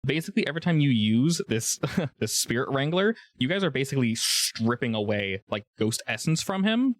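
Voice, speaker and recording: A man's voice: mid-range voice, big pitch swings, moderate pace, dry recording. A man running a tabletop role-playing game as game master, explaining rules casually with fillers.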